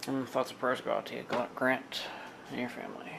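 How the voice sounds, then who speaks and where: A man's voice: mid-range voice, level tone, brisk, gravelly, noisy background. A man rambling sarcastically in a casual vlog, talking to his dog between stories. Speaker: vlogger.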